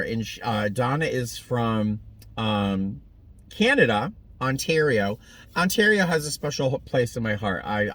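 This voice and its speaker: A man chatting to camera in a casual vlog, rambling and halting with many fillers and restarts, gentle and sentimental in tone. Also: on the low side, recorded from a distance. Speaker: vlogger.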